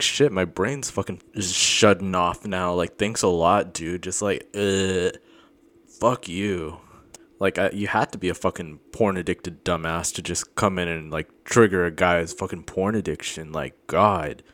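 A man doing a comedic rant, agitated and accusatory, rambling with constant swearing and filler words. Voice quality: low-voiced, heavy swearing, filler-laden rambling.

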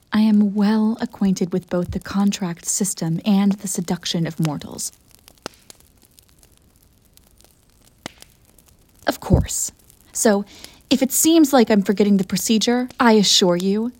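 A woman's voice: mid-range voice, darkish tone, dry recording, lightly acted. A centuries-old succubus, played by a woman, holds court in an audio role-play, haughty and theatrical. Her voice sits in an ordinary middle register, and the sound is dry and close. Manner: haughty and theatrical, defensive when pressed. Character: proud, bored, centuries-old female succubus.

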